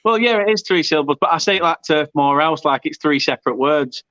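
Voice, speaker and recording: Bloke co-hosting, chill banter, kinda muffled dead-dry mic. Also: male voice, a little high, animated, fast, a bit bright, no echo. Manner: laid-back, banter, hesitant restarts. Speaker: co-host and channel moderator. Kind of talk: casual chat.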